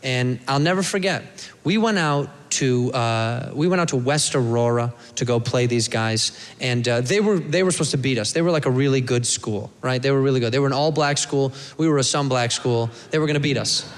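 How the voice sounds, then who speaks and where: A man's voice: mid-range voice, brisk, few pauses. A man in his thirties telling a rambling stand-up story on stage, slipping into voices for the people in it. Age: 30s. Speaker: stand-up comedian. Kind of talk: stand-up comedy set. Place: comedy club stage. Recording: live club recording with hall reverb, crowd and noise. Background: laughing audience.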